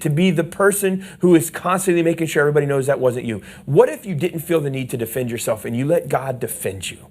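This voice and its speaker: A man preaching a sermon as pastor, passionate and emphatic, leading the congregation to repeat lines back. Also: a little high. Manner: passionate preaching, leads call-and-response; swings from hushed asides to loud emphatic lines. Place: church sanctuary.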